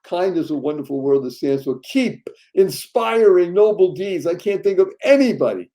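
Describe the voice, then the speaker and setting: A man hosting a podcast, animated and playful, fond of wordplay, with sudden loud bursts of emphasis. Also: high-pitched, moderate pace. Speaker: podcast host. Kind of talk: upbeat podcast chat.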